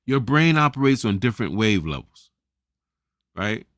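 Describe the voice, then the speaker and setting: A man's voice: on the low side, sing-song, normal speed, fairly bright tone, no echo, clean studio sound. A man giving a motivational self-help talk, preaching in a casual, persuasive way, often asking "right?" and calling his listeners family. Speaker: empowerment coach.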